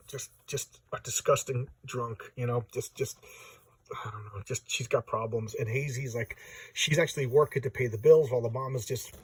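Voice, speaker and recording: A man's voice: medium pitch, husky, dry recording. A man casually retelling a comic's plot in a rambling, stammering way. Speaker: comic book reviewer.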